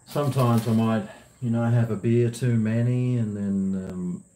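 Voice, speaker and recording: A man's voice: medium pitch, fairly even intonation, a little slow, warm tone. A man chatting casually and bluntly on a live stream, swearing freely and rambling between topics. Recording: echoey room.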